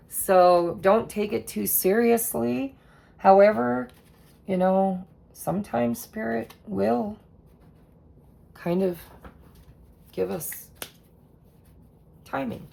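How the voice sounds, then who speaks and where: A woman doing a casual tarot reading, slow and relaxed, with soft laughs and trailing pauses. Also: medium pitch, gravelly. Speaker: tarot reader.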